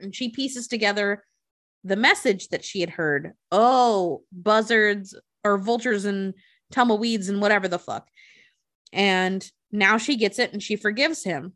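A woman's voice: mid-range voice, unhurried, a bit bright. A woman hosting a podcast, casually and profanely retelling a movie plot, slipping into the characters' voices. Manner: profane, chatty, acts out characters' lines. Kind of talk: casual movie recap storytelling.

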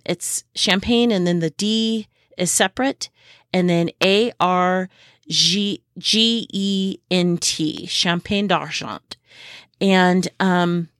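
A woman hosting a podcast in a casual, informative way, unhurried and pausing often with fillers, sharing what she has learned firsthand on her homestead. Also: lowish voice, a bit bright, dry recording, clean studio sound. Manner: unhurried, with many pauses and fillers; speaks from personal homestead experience. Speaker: podcast host.

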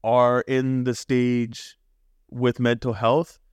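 A young Canadian man co-hosting a podcast, talking with passion and preaching hard, swearing freely and jumping to high emphatic peaks. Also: completely flat delivery, takes it slowly, clear, resonant tone, no room sound. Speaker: podcast co-host. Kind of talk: casual podcast chat.

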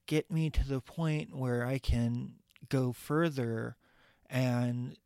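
A man co-hosting a podcast, speaking softly and reflectively and often murmuring agreement. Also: mid-range voice, steady tone, slow pace, gravelly, clear, resonant tone, no echo. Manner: soft-spoken and reflective, with frequent agreeing murmurs. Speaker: podcast co-host. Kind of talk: casual podcast chat.

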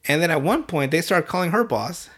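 A man casually recapping an anime on a podcast, swearing often and slipping into quick voices for the characters. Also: a little high, husky. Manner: profane, animated retelling with quick voiced asides. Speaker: podcast host.

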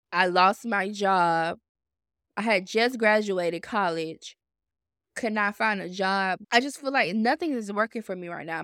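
A woman in her twenties hosting a podcast, telling her story in a blunt, profane, animated self-help monologue. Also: mid-range voice, clear, resonant tone, dry recording, clean studio sound. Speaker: podcast host.

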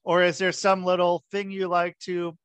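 High, smooth-voiced male podcast host. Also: completely flat delivery, fairly bright tone, no room sound. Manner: halting, loosely phrased questions. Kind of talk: casual interview chat.

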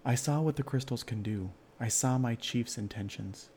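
A man's voice: mid-range voice, moderate pace, darkish tone, slight background noise, close to an everyday voice. A man voicing a humble, earnest young male elf who speaks deferentially. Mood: remorseful.

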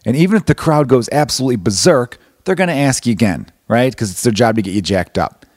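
A man's voice: medium pitch, lively intonation, fast talker, a little mellow, no room sound, studio quality. A man in his thirties hosting a comedy podcast, rambling and swearing in a casual, self-deprecating monologue. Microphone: close podcast mic.

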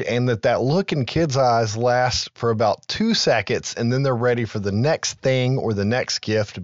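A man co-hosting a podcast, talking through movie trivia in a loose, conversational way with the odd curse word. His voice sits at an ordinary middle pitch. The recording is dry and a little dull, with a lo-fi edge. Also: dry recording. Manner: conversational, recaps film trivia with loose asides and profanity. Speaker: podcast co-host. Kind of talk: casual podcast chat.

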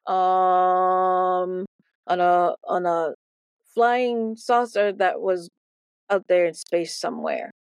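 A woman's voice: medium pitch, darkish tone, no echo. A woman teaching a Bible lesson as playful, theatrical storytelling, often repeating words for effect.

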